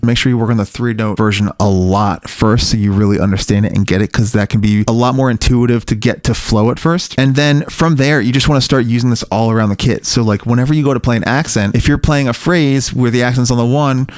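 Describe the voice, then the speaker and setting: A man teaching drum technique in a recording studio, counting beats out loud in an easygoing way as he plays. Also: medium pitch, fast, hardly any pauses, dry recording. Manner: relaxed, counts beats aloud while playing. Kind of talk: instructional demonstration with counting. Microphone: studio mic near the drum kit.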